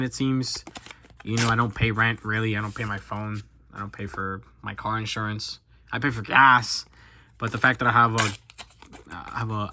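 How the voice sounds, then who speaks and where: Rambling young man with a bright voice. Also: medium pitch, slight background noise. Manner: rambling, self-deprecating, many fillers and restarts. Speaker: YouTuber. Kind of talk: casual chat while opening cards.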